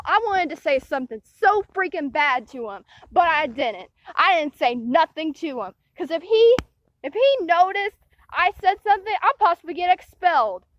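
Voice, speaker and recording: A woman's voice: very high voice, no room sound. A young woman telling a rambling personal story to the camera, often restarting her sentences and getting indignant. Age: young adult. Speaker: vlogger. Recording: dull, muffled lo-fi sound.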